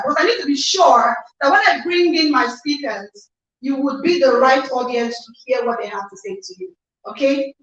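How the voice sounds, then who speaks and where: A Nigerian woman hosting an online conference livestream, energetic and emphatic, repeating phrases and reading out viewers' comments. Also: sits high. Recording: echoey distant lo-fi livestream audio.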